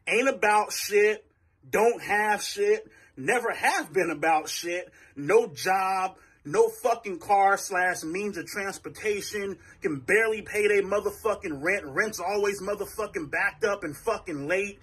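A man's voice: sits high, unhurried, fairly bright tone, husky, dry recording. A man ranting to the camera in short clips, crude and brash, swearing constantly. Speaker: social media personality.

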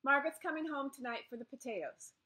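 A woman's voice: sits high, fast, bright, forceful tone, voice pushed up. Stiff aristocratic older lady, imperious and exasperated, voiced by a woman narrator.

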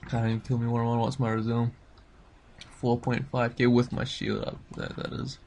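A young man commentating his own player-versus-player match, excitable, shouting at kills and muttering tactics. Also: medium pitch, moderate pace, slight background noise. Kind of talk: excited live gameplay commentary.

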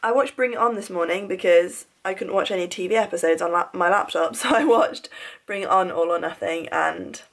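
A vlogger in her twenties talks to a handheld camera in a bubbly, chatty way, letting out frustrated sighs now and then. Her voice is on the low side, fairly quick, with vocal fry.

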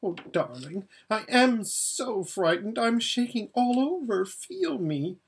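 A man voicing a frightened, whimpering young noblewoman in a storybook reading, squeaky and tearful. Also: big pitch swings, slow pace, breathy edge, heavily acted. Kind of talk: storybook read-aloud.

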